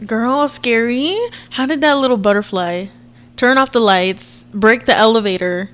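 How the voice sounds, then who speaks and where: Young woman vlogging her reactions, chatty and expressive, talks right to viewers. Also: medium pitch, moderate pace, slight background noise. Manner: chatty and expressive, frequent laughs and asides to viewers. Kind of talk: casual reaction commentary.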